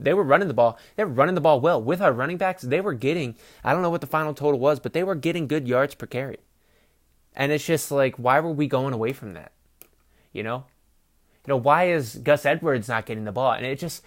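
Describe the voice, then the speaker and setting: A man hosting a sports podcast, rambling casually and swearing freely while he gives his opinions, recorded on a phone. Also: medium pitch. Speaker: podcast host.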